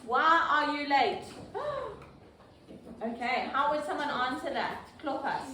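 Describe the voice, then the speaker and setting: High-voiced teacher in echoey classroom. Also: female voice, moderate pace, pushed and bright. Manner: patient, prompting pupils by name. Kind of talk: classroom lesson. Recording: echoey classroom from far off, noisy.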